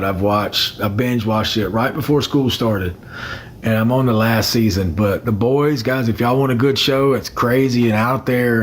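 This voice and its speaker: A man's voice: on the low side, a little hiss or hum. A young man chatting casually on a phone livestream, rambling and greeting commenters by name.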